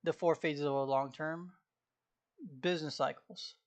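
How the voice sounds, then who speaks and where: A young man with a slightly hoarse voice that sits a touch high talks to himself at home while he studies. He murmurs and repeats lines over and over as he commits them to memory, in a loose, offhand study-vlog way. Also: fairly even intonation, measured pace. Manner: mutters and repeats phrases while taking notes. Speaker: student. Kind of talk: casual study vlog, reading aloud and memorizing.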